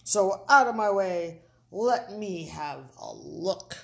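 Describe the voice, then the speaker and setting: Lady putting on a growly mean bully dog, bossy and loud, storybook villain, talks slow. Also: on the low side, animated, gravelly, full character voice. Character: mean gruff bully prairie dog, male.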